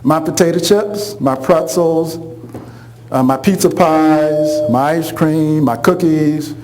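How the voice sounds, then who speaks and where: A man's voice: on the high side, takes it slowly, music in the background, poor audio. A middle-aged man telling a funny personal story, acting out the voices of the people in it. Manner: animated, acts out quoted voices, laughs along.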